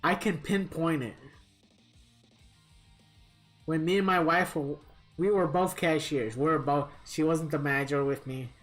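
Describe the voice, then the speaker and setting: A man's voice: fairly high pitch, steady tone, unhurried, long pauses, soft background music. A man live-streaming a fighting game, chatting casually with viewers in a rambling, profane storytelling manner.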